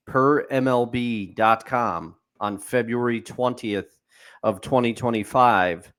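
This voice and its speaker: A man co-hosting a sports podcast, telling stories and laughing easily. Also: on the low side. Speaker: podcast co-host. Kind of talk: casual sports talk.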